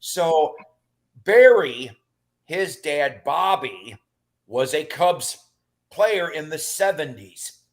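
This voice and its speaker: A man's voice: a little high, very slow, pauses often. A middle-aged man rambling through casual stories in a chat, with lots of fillers and restarts. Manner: rambling and animated, with many fillers.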